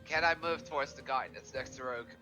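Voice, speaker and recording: Very bright-voiced hesitant male player. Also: medium pitch, fast talker, soft background music. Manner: hesitant, full of fillers. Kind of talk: casual tabletop gaming chat.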